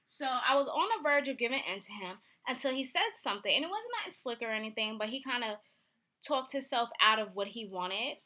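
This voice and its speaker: Bright-voiced woman telling a story. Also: fairly high pitch, fairly quick. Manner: candid, animated storytelling with acted-out quotes. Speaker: vlogger. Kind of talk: casual storytime vlog.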